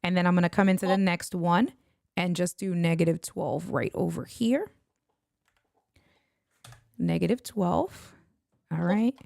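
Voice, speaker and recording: A woman's voice: on the low side, unhurried, creaky, long pauses, darkish tone, no room sound, studio quality. A woman with a New York accent hosting a casual livestream, thinking aloud and muttering asides while she edits video. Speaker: livestream host. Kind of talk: casual screen-share tutorial.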